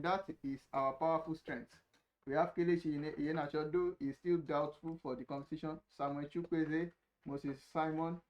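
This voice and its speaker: A man with a Nigerian accent hosting a casual football chat, eagerly agreeing and chiming in. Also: on the high side. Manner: eager, quick to agree and chime in. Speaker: show host. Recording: dull lo-fi sound.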